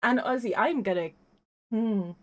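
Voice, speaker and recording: Young woman streamer, teary and giggly, kinda high, slow soft talk. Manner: giggly, emotional, talks softly. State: tearful. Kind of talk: live-stream chat.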